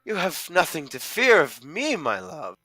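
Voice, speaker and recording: A man's voice: fairly high pitch, huge pitch swings, measured pace, dry recording, soft background music, voice pushed up, exaggerated voice. Man hamming up an anguished jilted lover. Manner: melodramatic, rising to anguished shouts. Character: anguished jilted young man in Shakespearean verse. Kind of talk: hammy Shakespearean reading.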